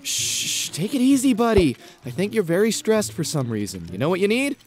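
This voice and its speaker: A man's voice: sits high, big pitch swings, brisk, darkish tone, a little hiss or hum. A man voicing a suspiciously nice male friend who talks in a soothing way. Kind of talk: Minecraft roleplay voice acting.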